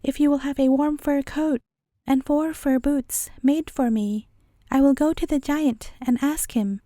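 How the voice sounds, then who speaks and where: A faithful talking poodle from a storybook, voiced by a woman reader, earnest and eager to help. The voice sits high and mellow, recorded close and dry with no room around it. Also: steady tone, unhurried, no echo. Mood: reassuring. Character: loyal, brave talking male poodle. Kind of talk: storybook reading.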